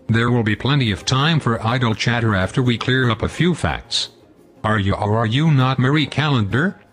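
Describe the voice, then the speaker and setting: A man's voice: medium pitch, normal speed, fairly bright tone, soft background music. A man hosting a scripted comedy show, pompous, long-winded and sarcastic. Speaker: host.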